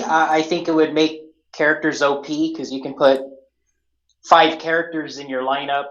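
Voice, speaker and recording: A man's voice: on the high side, fairly bright tone. Man, panelist, hesitant, lots of fillers, roomy echo, muffled call audio. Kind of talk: gaming panel discussion.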